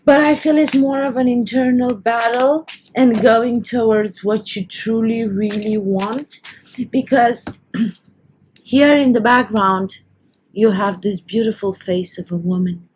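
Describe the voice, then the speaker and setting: A woman's voice: a little high, slow pace, darkish tone, slight background noise, low-quality recording. A woman giving a tarot reading to camera, her voice emotional and teary as she nears crying. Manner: tearful, overcome with emotion. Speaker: tarot reader.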